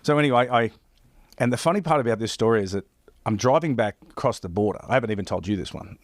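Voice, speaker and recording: Fast-talking man spinning a story. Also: mid-range voice, dry recording, clean studio sound. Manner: rambling, repeats himself, acts out phone calls in quick bursts. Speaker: professional caddy telling stories. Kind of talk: casual storytelling chat.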